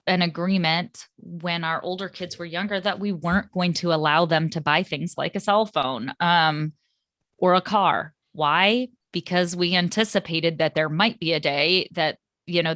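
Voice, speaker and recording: A middle-aged woman co-hosting a podcast about parenting, talking in a calm, reflective way with frequent ums. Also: on the low side, no room sound, clean studio sound. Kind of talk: casual podcast conversation.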